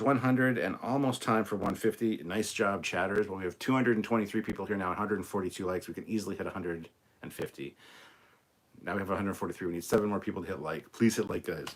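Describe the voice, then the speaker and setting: A low-pitched British man hosts a casual livestream, reacting to an episode and thanking his viewers. He talks in an excited, rambling way, full of ums and quick laughs. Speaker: livestream host.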